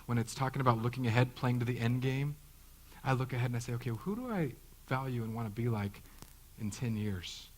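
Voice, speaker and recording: A man's voice: medium pitch, fairly quick, slight background noise, poor audio. A man in his thirties, a pastor giving a conversational sermon, joking and acting out the voices he quotes. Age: 30s.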